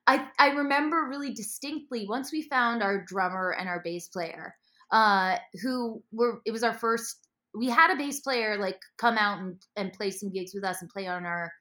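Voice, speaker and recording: A woman telling stories as a musician guest on a podcast, animated and giggly. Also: medium pitch, moderate pace. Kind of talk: casual chat.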